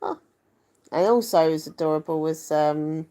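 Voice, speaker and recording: A young woman vlogger talks casually to her camera. She rambles and pokes fun at herself, her voice sitting slightly low for a woman. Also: moderate pace. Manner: chatty, rambling, self-deprecating.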